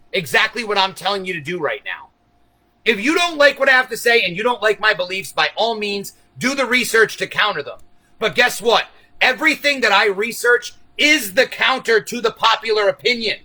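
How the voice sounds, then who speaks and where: A man's voice: high voice, sharp tone, low-quality recording. A man hosting a long livestream, talking straight to his viewers in a profane, rambling, conspiratorial monologue. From United States. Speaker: livestream host.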